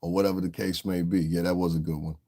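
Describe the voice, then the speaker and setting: A man's voice: low-pitched, little pitch movement, fast talker, warm tone. A man hosting a casual livestream, laid-back and chuckling as he talks to his chat. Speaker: livestream host.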